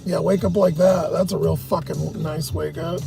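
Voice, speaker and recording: A man's voice: on the high side, fairly even intonation, moderate pace, vocal fry, loud music behind the voice. A man hosting a livestream, telling a long, agitated story full of swearing. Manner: profane, agitated, heavy cursing. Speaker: livestream host. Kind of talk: casual storytelling rant.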